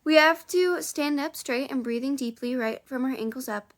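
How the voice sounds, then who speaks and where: A woman's voice: high-pitched, normal speed. A woman casually reading a children's book aloud on camera, chatty, with offhand asides. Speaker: audiobook reader. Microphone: camera close up.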